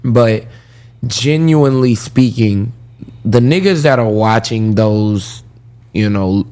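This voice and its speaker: Slow-talking man on a podcast. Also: lowish voice, darkish tone, clean tone. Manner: unhurried, explains at length, laughs along. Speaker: podcast co-host. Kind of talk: casual chat.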